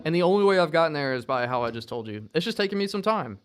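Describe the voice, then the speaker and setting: A man talking casually to camera about guitar and music, rambling and relaxed, full of slang, now and then cooing at his dog. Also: on the high side, racing. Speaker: guitarist and vlogger.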